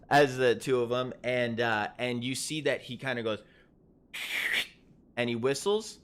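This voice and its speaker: A man narrating a tabletop game as game master, casual and halting, with many fillers and restarts. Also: medium pitch, steady tone, fairly bright tone.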